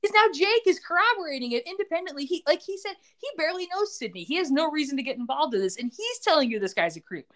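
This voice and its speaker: A woman co-host talks through a TV recap with blunt, profane opinions, her voice fairly high and swinging widely in pitch. She laughs often and is quick to judge. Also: big pitch swings, fairly bright tone. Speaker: podcast co-host. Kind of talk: casual TV recap chat.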